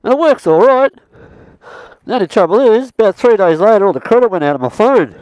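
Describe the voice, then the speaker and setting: A man's voice: high-pitched, expressive, brisk, darkish tone, no echo, highs cut off. An Australian man vlogging outdoors in the bush, rambling and swearing mildly as he chats. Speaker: travel vlogger. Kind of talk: casual self-filmed chat.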